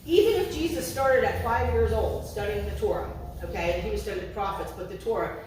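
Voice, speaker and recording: A woman's voice: medium pitch, a little fast, a little mellow, slight background noise. A woman preaching a sermon in a conversational storytelling way, now and then acting out the voices of the people in her story. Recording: echoey room, heard from a distance.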